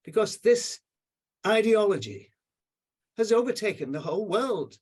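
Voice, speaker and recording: A man's voice: high voice, sing-song, measured pace, a little mellow, breathy edge. An older man on a video call giving emotional, indignant remarks with emphatic repetition. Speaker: panel commenter.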